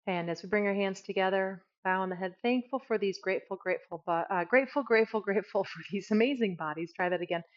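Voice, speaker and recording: A woman leads a yoga session, giving relaxed cues as she moves and poking fun at her own slips. Her voice sits at an ordinary middle pitch. The recording sounds dull and slightly muffled. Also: quick pace, hardly any pauses. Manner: casual, self-deprecating, talks while moving. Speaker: yoga teacher. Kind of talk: guided yoga instruction.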